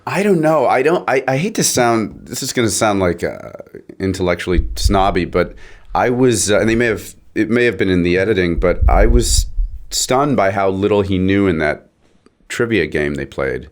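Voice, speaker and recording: A man's voice: deep voice, expressive, normal speed. Chatty man rambling as a podcast guest. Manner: rambling, searching for words mid-sentence. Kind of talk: casual chat.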